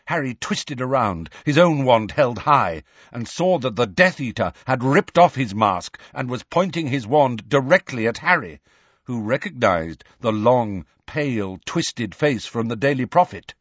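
A man reading an audiobook as narrator, in a dramatic, lively way. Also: medium pitch, a little slow, dry recording, highs cut off. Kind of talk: scripted narration.

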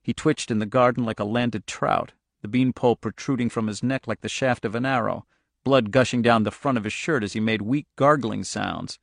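A man reading a novel aloud as an audiobook narrator, telling the story in a steady, measured way. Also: medium pitch, vocal fry, no echo, studio quality. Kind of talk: scripted narration.

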